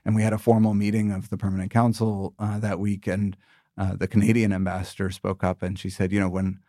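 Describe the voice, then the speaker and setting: Low-voiced man in his thirties, measured. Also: flat delivery, warm tone, no echo, clean studio sound. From United States. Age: 30s. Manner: measured, thoughtful, with many restarts. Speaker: political candidate, former ambassador. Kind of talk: interview answers.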